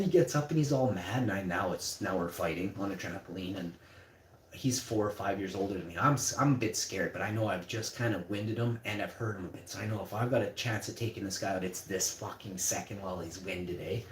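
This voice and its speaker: A man's voice: lowish voice, a little hiss or hum. A young man telling a story in a casual, rambling, profane way. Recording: roomy echo.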